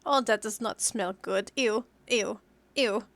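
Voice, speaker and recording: A woman's voice: medium pitch, slow, creaky, fairly bright tone, no room sound. A woman playing a tabletop game, asking lots of questions and squeamish in casual chat. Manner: inquisitive, squeamish. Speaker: player.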